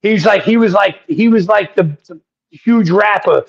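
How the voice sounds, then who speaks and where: A man being interviewed as a guest rapper, telling excited, rambling anecdotes full of profanity. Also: sits high, unhurried, gravelly. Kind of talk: casual interview storytelling. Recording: dull lo-fi audio.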